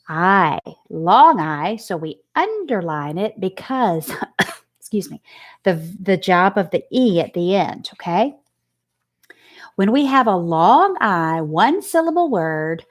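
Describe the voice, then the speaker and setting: A woman teacher giving a recorded phonics lesson to young children, sounding out letters slowly, asking questions and answering them with praise. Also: medium pitch.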